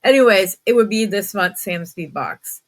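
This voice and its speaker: A woman hosts a relaxed bead unboxing with a congested, stuffed-up voice. She chats along easily, filling pauses with ums and poking fun at her own slips. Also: medium pitch. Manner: chatty, many ums, laughs at herself. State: stuffed up, lower energy. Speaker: beading channel host. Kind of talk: casual unboxing chat.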